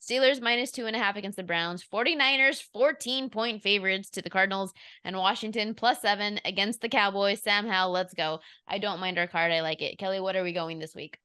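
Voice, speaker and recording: A woman's voice: medium pitch, fairly quick, hardly any pauses, sharp tone, clean tone. A woman hosting a sports betting show, chatting casually about picks and laughing often.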